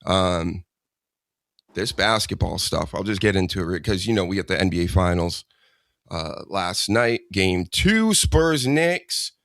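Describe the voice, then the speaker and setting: A man with a lowish voice hosts a laid-back comedy podcast, rambling from topic to topic and ribbing his guest. The sound is close and dry, with almost no room around him. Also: lively intonation, unhurried, vocal fry, fairly bright tone, dry recording. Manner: rambling, joking, teasing. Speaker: podcast host. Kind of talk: casual comedic chat.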